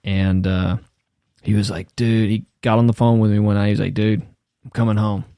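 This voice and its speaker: A man's voice: fairly low pitch, little pitch movement, normal speed, mellow, smooth, no room sound, clean studio sound. A man in his thirties hosting a podcast, chatting casually, laid-back, often saying "man" and "dude" and laughing. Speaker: podcast host. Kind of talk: casual chat.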